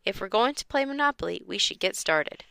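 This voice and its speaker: An eager, curious young boy from a storybook, voiced by a woman reader. He asks things earnestly in a bright, lifted tone. The recording is dry. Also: medium pitch, expressive, fairly quick, vocal fry, no room sound.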